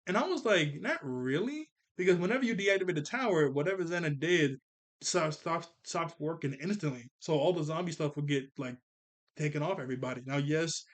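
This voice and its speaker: A man with a slightly high voice talks fast through a casual review of a cartoon episode. He rambles excitedly and corrects himself mid-sentence, like a friend retelling a show.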